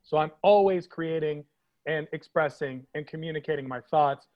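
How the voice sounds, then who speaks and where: A man's voice: fairly high pitch, dull audio. A man from Washington, D.C., a comedian guest riffing playfully on a podcast interview. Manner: playful, jokey, quick asides and put-on voices.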